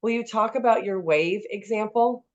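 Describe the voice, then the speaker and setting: A woman's voice: medium pitch, normal speed, muffled recording. A woman hosting an interview, encouraging her guest and prompting him to tell his stories. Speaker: interview host. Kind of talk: casual interview.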